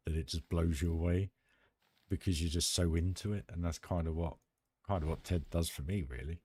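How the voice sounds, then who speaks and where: A man's voice: sits low, darkish tone, husky. A British man live-streaming a building game, chatting enthusiastically and rambling with restarts. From United Kingdom. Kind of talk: casual live-stream chat while building.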